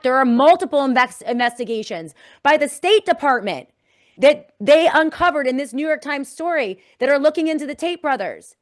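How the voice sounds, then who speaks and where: A woman hosting a political commentary podcast, talking emphatically and reading quotes aloud with indignation. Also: a little high. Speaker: podcast host.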